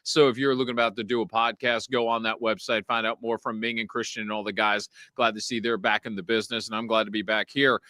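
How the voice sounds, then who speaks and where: A man's voice: on the low side, fast, few pauses, dry recording. A man hosting a podcast from a studio, chatting casually and telling stories with laughter. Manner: lively, laughing storyteller. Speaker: podcast host. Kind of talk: casual interview chat.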